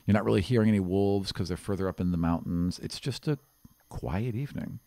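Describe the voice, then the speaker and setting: Low-voiced male game master. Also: fairly quick, no echo. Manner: relaxed, conversational, hesitant fillers. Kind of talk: narrating a tabletop game.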